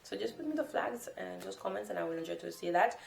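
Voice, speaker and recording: A woman's voice: medium pitch, animated, fast talker, vocal fry, darkish tone, echoey room. A woman and non-native English speaker, rambling in an unscripted, casual vlog talk from the floor of her room. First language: not English. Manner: rambling, chatty, self-correcting. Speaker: language-learning vlogger. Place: sitting on the floor in a room at home. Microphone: camera mic.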